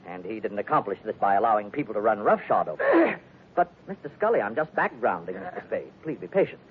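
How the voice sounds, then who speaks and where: A man's voice: on the low side, big pitch swings, fast talker, breathy edge, full character voice. An actor playing a pompous, fussy doctor in a 1940s radio drama, hemming and hawing as he lectures. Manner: pompous, hesitant with uh's. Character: fussy, smooth-talking male doctor, pompous. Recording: tinny old radio broadcast.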